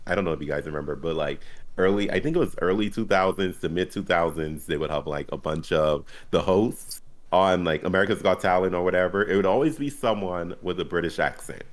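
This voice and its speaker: Low-voiced man teasing in casual chat. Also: brisk. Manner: playful, teasing. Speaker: guest.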